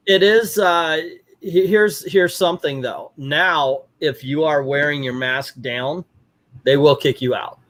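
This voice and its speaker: A middle-aged man hosting a casual chat, telling stories with lively acted-out quotes. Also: fairly high pitch, slow pace. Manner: animated storyteller, acts out quotes. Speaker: podcast host.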